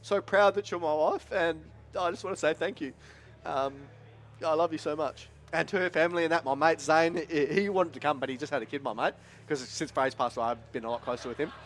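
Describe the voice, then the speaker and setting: A man giving a halting, tearful thank-you speech after winning a tournament, close to crying and swearing now and then. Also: a little high, steady tone, fairly bright tone, slight background noise. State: emotional, close to tears. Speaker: tournament winner. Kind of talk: emotional post-match thank-you speech. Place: tournament venue.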